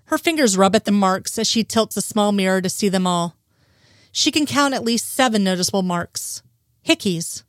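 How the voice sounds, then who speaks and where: Story reader, woman, mid pitch, dry recording, steady telling. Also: normal speed, no room sound. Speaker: narrator. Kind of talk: reading fan fiction aloud.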